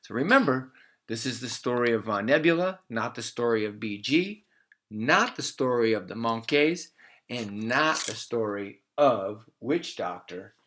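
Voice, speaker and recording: A man spinning a made-up tale for children, sounding animated and playful. He stretches out key words for drama and keeps the telling loose and homemade, with a voice of ordinary middle pitch. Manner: animated, playful, slows for emphasis. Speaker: storyteller. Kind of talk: improvised children's story.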